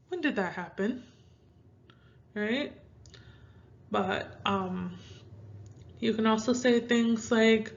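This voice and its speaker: Woman teacher, casual lesson, unhurried delivery, slightly muffled lo-fi sound. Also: mid-range voice. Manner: chatty, repeats phrases slowly in two languages. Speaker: Spanish teacher. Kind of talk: casual online language lesson.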